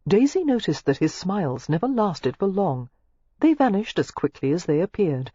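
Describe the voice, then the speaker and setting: An audiobook narrator reading a novel aloud in an expressive, scripted style. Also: normal speed, slightly rough, dry recording. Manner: expressive, shifting pitch through the narration. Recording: dull lo-fi dry recording.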